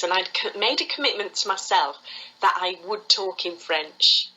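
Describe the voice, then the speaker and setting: Fast-talking woman, bright voice. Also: medium pitch, muffled recording, a little hiss or hum. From England. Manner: fast-talking, animated, laughs often. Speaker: guest, foot reading teacher. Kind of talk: conversational storytelling interview.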